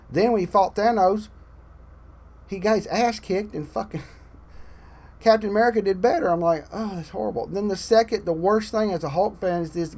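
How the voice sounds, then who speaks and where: A man delivers an exasperated, profanity-laced rant about a film. His voice sits a little high for a man, and he lurches between loud, emphatic complaints and low, grumbling asides, the way a hobby video commentator talks. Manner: animated, swings loud and soft. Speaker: channel host. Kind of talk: ranting movie commentary.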